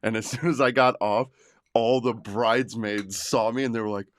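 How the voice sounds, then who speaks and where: A man's voice: medium pitch, steady tone, moderate pace. A man hosting a casual podcast chat, laid-back, swearing and laughing often. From Michigan. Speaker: podcast host.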